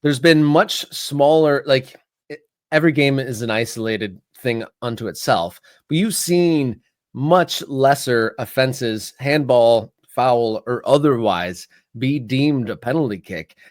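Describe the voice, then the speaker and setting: A man's voice: medium pitch, slow, no echo. A man co-hosting a sports talk show who talks casually and animatedly, full of "like" fillers, into a studio mic. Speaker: podcast co-host.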